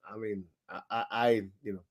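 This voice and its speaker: A young man hosting a casual daily live stream, talking excitedly in slang and greeting viewers in the chat. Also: fairly low pitch, normal speed, highs cut off.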